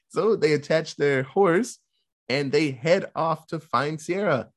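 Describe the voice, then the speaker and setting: A man's voice: fairly high pitch, slow. A man casually recapping a movie plot, swearing and acting out the characters' lines. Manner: animated storytelling, swearing, mock quoting characters. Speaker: podcast co-host recapping a film. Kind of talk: casual chat.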